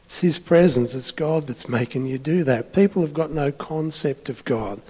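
A man's voice: a little high, moderate pace, mellow, husky, long reverb tail. A man preaching a sermon, telling a story in a chatty way with frequent restarts.

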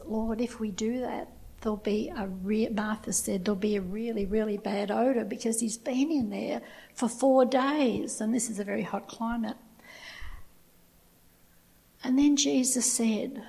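Husky, gravelly Bible-teaching woman. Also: fairly high pitch, fairly even intonation, measured pace, dark tone, low-quality recording. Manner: retells scripture with personal asides.

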